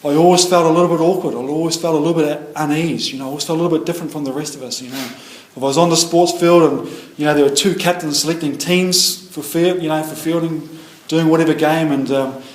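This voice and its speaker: A man's voice: on the high side, fairly even intonation, quick pace, hardly any pauses. A middle-aged man with a New Zealand accent sharing his story at a recovery meeting, rambling with many fillers and restarts. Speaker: AA meeting speaker. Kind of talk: personal recovery share. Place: meeting room. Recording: echoey meeting room.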